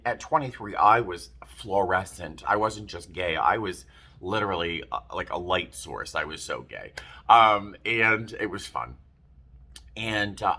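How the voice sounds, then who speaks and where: A man with a fairly low, pushed and bright voice tells a personal story in a casual vlog. He's chatty and rambling, often cutting himself off and starting his sentences over.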